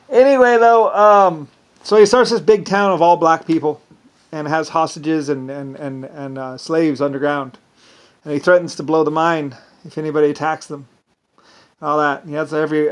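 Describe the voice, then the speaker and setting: Rambling man with a slightly high voice. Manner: rambling with frequent restarts and quoted asides. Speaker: vlogger. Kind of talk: rambling casual monologue.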